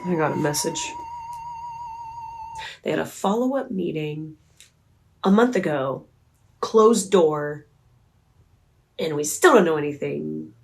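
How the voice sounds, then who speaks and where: Slow easygoing young woman vlogging, rambly and playful, pokes fun at herself. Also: low voice, huge pitch swings, vocal fry, soft background music. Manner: rambling, playful, self-mocking. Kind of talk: casual commentary chat.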